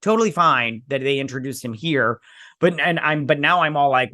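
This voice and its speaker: A man's voice: a little high, animated, normal speed, pushed and bright, no room sound, clean studio sound. A man hosting a casual review vlog, blunt, sarcastic and dismissive in tone. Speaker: host.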